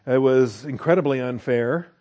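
A middle-aged man giving a verse-by-verse Bible lesson in a relaxed, conversational way. He explains word meanings, then checks in with his listeners with a quick "okay?". His voice sits at an ordinary pitch for a man. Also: muffled recording. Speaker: Bible teacher.

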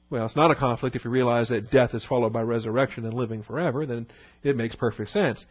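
A man's voice: medium pitch, fast, dry recording, lo-fi sound. Man preaching with rhetorical questions. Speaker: pastor. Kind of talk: sermon.

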